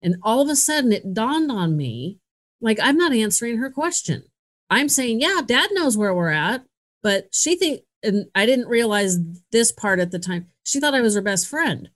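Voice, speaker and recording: A woman's voice: on the high side, expressive, moderate pace. A middle-aged woman hosting a podcast, telling a story in a casual, candid and self-mocking way, laughing often. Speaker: podcast host.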